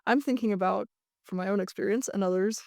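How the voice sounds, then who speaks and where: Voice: mid-range voice, fast, creaky, dry recording. A podcast co-host muses aloud while building up to a question. The voice sits in a mid register, and the recording is dry and close. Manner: reflective, frequent short acknowledgments. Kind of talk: casual interview chat.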